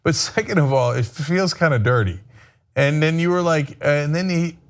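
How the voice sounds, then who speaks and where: A man's voice: a little high, normal speed. A man co-hosting a talk show who jokes and teases in casual back-and-forth chat. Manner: joking, teasing banter. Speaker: show co-host.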